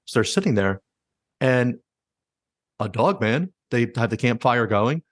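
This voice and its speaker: A man's voice: mid-range voice, lively intonation, unhurried, no room sound, studio quality. A man hosting a podcast, casually retelling stories with many likes and quoted asides. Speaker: podcast host. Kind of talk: casual storytelling.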